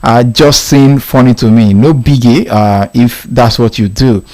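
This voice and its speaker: A man's voice: mid-range voice, measured pace, a little mellow. A man hosting a casual radio live stream, reading listener answers aloud with frequent laughs and repeats. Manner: amused, laughing often, repeats lines. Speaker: radio host.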